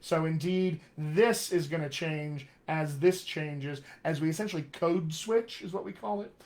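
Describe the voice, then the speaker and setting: Male dialect coach, General American accent with West Texas traces, slightly high voice, emphatic and friendly on a live stream. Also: a little slow, a little mellow. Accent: General American with West Texas and upstate New York traces. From Colorado, USA. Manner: friendly, emphatic teaching with frequent "all right" and "my friends". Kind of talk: live online accent lesson.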